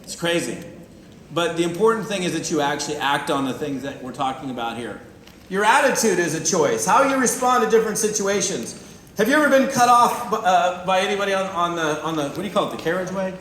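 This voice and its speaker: A man from the United States giving a joking, animated motivational talk to a live audience, acting out little scenes. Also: high voice, fast, slight background noise. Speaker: motivational speaker. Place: event hall with audience. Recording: roomy hall recording.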